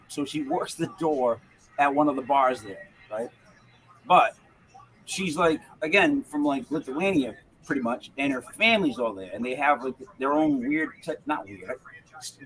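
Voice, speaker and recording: A man's voice: fairly high pitch, animated, moderate pace, a bit bright, rough recording. A man hosting a podcast in a rambling, joking manner, full of restarts. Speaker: podcast host. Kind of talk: casual podcast chat.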